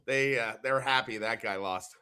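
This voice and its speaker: A man from California co-hosting a casual sports podcast, laid-back and hesitant, often pausing with uh. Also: medium pitch, sharp tone, smooth. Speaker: podcast co-host.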